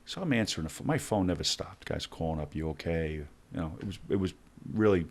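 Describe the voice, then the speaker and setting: A middle-aged former hostage negotiator, appearing as a podcast guest, tells stories in a very low voice at a quick pace. He speaks in conversational bursts, acting out the dialogue in lively turns.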